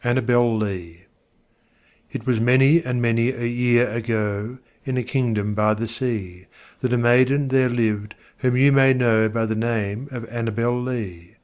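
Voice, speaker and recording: Slow, theatrical man reciting poetry. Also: mid-range voice, fairly even intonation, a little mellow. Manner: slow, theatrical, swelling on repeated words. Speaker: poetry reader.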